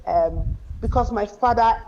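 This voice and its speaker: A woman's voice: a little high, measured pace, slight background noise. A woman from Nigeria, an author guest, telling a story from her childhood in an interview. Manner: reflective, quotes her father warmly in a raised voice. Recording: dull lo-fi sound.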